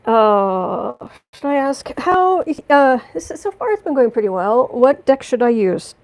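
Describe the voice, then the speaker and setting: Very animated and a little slow, a tarot reader on a livestream reads out viewer comments and fires back in outrage, often restarting and apologizing. Her voice is a little high with a darkish tone, captured on poor audio.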